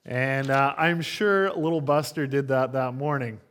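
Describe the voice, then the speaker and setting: Male pastor, sermon delivery, conversational and story-driven, a touch high-pitched. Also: normal speed, a bit bright, a little hiss or hum. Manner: conversational storytelling with frequent fillers. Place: church.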